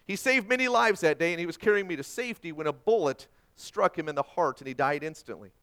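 A man's voice: on the high side, expressive, fast talker, fairly bright tone, smooth. A man voicing a humble, grateful young male soldier, told within a sermon. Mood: earnest. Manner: humble, earnest.

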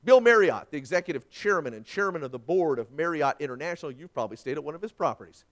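A man preaching a sermon with folksy asides, swinging dramatically from loud emphasis down to a hushed near-whisper. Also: on the high side, animated, quick pace. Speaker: pastor.

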